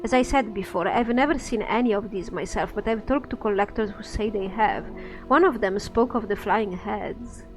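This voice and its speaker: A woman's voice: medium pitch, moderate pace, soft background music, natural voice, rough recording. A woman reading the lines of a nervous, bitter woman informant, speaking in a weary, resigned way.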